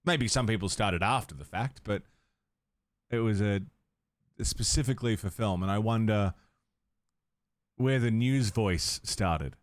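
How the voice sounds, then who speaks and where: A man's voice: fairly low pitch, a little slow, long pauses, no room sound. A man streaming a video game live, chatting and ranting in tangents and swearing freely at a home setup. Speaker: gaming livestreamer. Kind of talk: casual livestream commentary.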